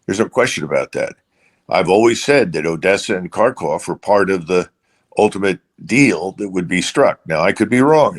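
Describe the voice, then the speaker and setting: Deep-voiced man giving measured analysis. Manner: measured, with many hesitations and restarts. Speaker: guest analyst. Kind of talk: unscripted political analysis.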